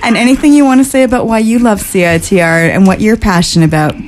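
A woman's voice: medium pitch, fast, darkish tone. A woman hosting a community radio show, bubbly and giggly, stretching words for emphasis. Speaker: radio host. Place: radio studio booth.

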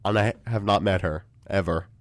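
A young man co-hosting a casual campus radio chat show, telling anecdotes in an animated way and acting out the voices of the people in them. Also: sits low, moderate pace, no room sound. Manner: animated storyteller, acts out overheard voices. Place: small campus radio studio. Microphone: studio microphone.

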